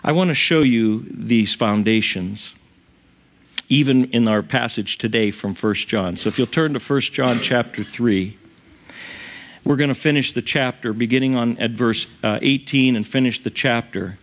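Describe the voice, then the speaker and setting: A male pastor preaching a sermon in church, tearful and emotional, his voice rising high on emphatic lines. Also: moderate pace.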